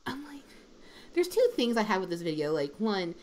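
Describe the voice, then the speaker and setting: A woman's voice: medium pitch, very animated, normal speed, a little mellow. Chatty young woman rambling on stream. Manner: rambling, chatty, many "I'm like". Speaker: dub group member on livestream. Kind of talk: casual chat.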